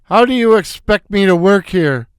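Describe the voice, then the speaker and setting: A man voicing a gruff, bossy middle-aged male slapstick comedian who barks sarcastic insults. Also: high-pitched, lively intonation, normal speed, no room sound, clean studio sound.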